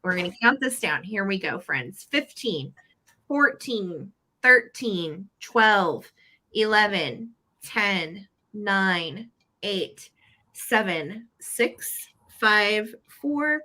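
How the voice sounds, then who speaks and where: Bright, chatty woman selling vintage live. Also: mid-range voice, animated, very slow. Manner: chatty and upbeat, describing items. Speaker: live sale host. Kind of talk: live online sales chat.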